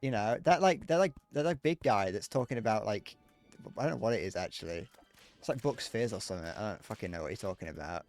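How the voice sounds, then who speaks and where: Lively man streaming a game. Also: lowish voice, fast talker, soft background music. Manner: rambling, joking, answers chat messages. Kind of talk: casual live-stream chat while gaming.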